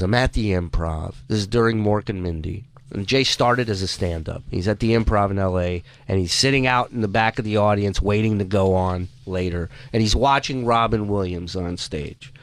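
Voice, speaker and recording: A man hosting a radio show, telling a story in a loose, profane, animated way. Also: fairly low pitch, normal speed, no room sound. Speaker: radio host. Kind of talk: casual radio chat and storytelling.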